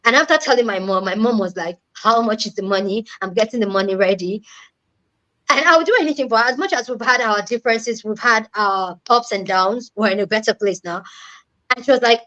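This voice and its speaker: A woman's voice: fairly high pitch, brisk, a bit bright, muffled recording. Earnest young woman telling a story. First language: not English. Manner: earnest and emphatic, repeats key words. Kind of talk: personal storytelling in casual chat.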